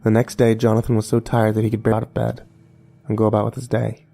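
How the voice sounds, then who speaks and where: A man reading a horror story aloud in a measured, dramatic narration. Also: lowish voice, monotone, vocal fry, dark tone. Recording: faint music underneath.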